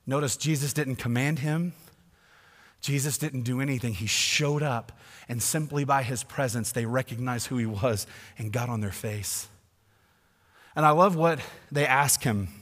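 A male pastor preaching a sermon emphatically, swinging between loud declarations and hushed asides. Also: medium pitch, unhurried, in a large hall.

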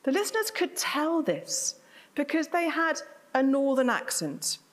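A woman's voice: sits high, sing-song, unhurried. A woman preaching a sermon to her congregation, chatty, with self-deprecating asides. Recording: reverberant hall.

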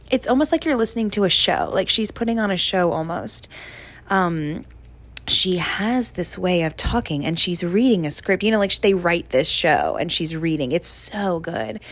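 A woman's voice: medium pitch, lively intonation, normal speed. A young woman hosting a casual solo podcast, chatty and gushing with lots of fillers. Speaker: podcast host.

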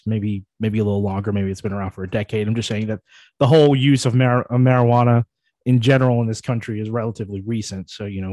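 A man's voice: mid-range voice, darkish tone, no echo, studio quality. A man co-hosting a casual podcast chat, rambling with frequent restarts and laughter. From moved to New Jersey from elsewhere. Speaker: podcast co-host.

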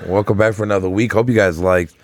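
A man's voice: fairly low pitch, steady tone, fast talker, dry recording. A man co-hosting a podcast in loose, profane, joking casual chat. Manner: loose, profane, laughing banter. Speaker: podcast co-host.

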